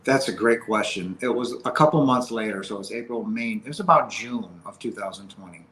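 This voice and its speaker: Earnest, halting man recounting an ordeal. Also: lowish voice, fairly bright tone, slight background noise, poor audio. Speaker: interview guest. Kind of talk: personal testimony in an interview.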